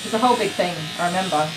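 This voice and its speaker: Australian woman groomer, rambling casual chat, low-ish voice, roomy echo. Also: very noisy. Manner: chatty, rambling, laughs often. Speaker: dog groomer streaming live. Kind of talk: casual chat while working. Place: grooming salon. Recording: echoey room with loud clipper buzz.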